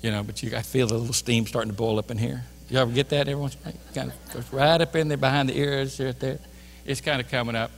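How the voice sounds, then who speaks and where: A man's voice: mid-range voice, fairly even intonation, fast, creaky. A man preaching a sermon as a pastor, telling a story animatedly and acting out both sides of a store exchange. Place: church sanctuary. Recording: church hall reverb.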